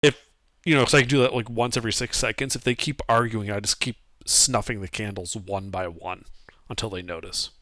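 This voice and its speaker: A man's voice: lowish voice, fairly even intonation, fairly quick, a bit bright, no room sound. A man taking part as a player in a tabletop game, asking questions casually. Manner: inquisitive, asking many questions.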